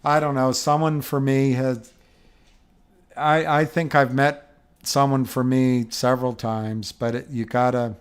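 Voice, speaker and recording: A man's voice: mid-range voice, steady tone, unhurried, clear, resonant tone. A middle-aged man hosting a livestream, chatting casually and rambling through viewer comments with frequent chuckles. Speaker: livestream host.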